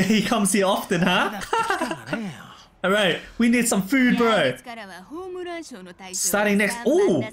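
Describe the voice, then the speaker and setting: A man casually commentating his gameplay, excitable, laughing often and saying "bro" all the time. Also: high voice. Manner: excitable, laughs a lot, says "bro" constantly. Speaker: gameplay streamer. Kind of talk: casual let's play commentary.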